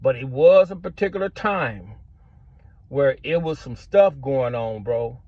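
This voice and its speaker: A man's voice: mid-range voice, animated, unhurried, no room sound. A middle-aged man telling a story in casual street slang, filling his talk with "man" and "bro". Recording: dull lo-fi sound, dry.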